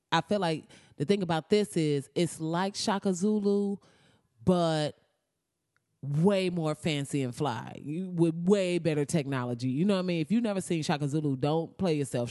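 A young woman in a casual reaction vlog, talking excitedly and profanely, laughing often and slipping into mock-outraged asides. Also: sits low, moderate pace, dry recording, studio quality. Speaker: vlogger reacting to a movie trailer.

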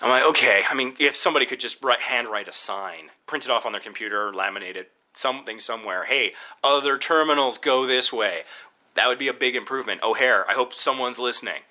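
A man casually recounting a frustrating airport layover, animated and exasperated, acting out both sides of his exchanges with staff. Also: mid-range voice, brisk. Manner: exasperated, animated, quotes himself and others. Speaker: traveler telling a story. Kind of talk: casual storytelling rant.

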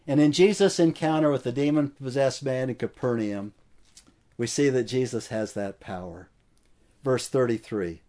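A man's voice: medium pitch, normal speed, warm tone. A man preaching an expository sermon with emphasis, stacking repeated phrases as he builds each point.

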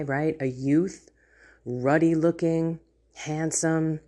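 Woman host, low husky voice, slow, animated faith storyteller. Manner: animated storytelling, laughs often. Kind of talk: casual faith talk.

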